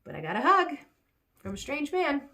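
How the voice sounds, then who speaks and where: A woman vlogging in a rambling, personal way, tired and sore after a workout, venting about her day and then talking herself back up quietly. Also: sits high, moderate pace. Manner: venting, animated when recounting, quiet when reflecting.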